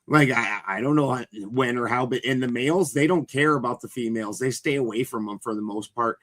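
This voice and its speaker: A man's voice: medium pitch, brisk, a bit bright. A man in casual chat, telling loose, rambling stories and swearing freely.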